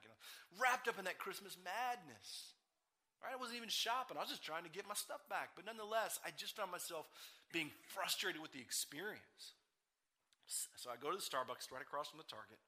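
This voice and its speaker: A middle-aged male pastor giving a sermon, telling personal stories in a conversational way that jumps now and then into loud, excited bursts. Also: mid-range voice.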